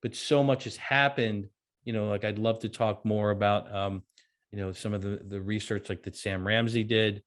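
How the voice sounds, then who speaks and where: A man's voice: on the low side, fairly even intonation, normal speed. A man who is an author and beekeeper, a guest in a casual interview, easygoing, telling anecdotes and laughing often.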